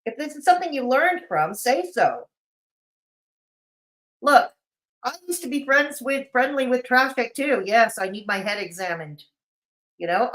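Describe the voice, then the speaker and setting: A woman hosting a livestream in casual chat, sarcastic and mocking, her voice a little off and sleepy. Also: on the high side. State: voice feels off, sleepy. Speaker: livestream host.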